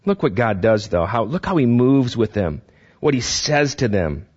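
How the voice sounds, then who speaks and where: A male pastor gives a loose, chatty sermon in a church, restarting phrases and asking the congregation questions. His voice sits at an everyday middle pitch. The recording sounds dull and lo-fi. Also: animated, normal speed, a little mellow, husky. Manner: stumbles and repeats words, quizzes the congregation. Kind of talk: conversational sermon.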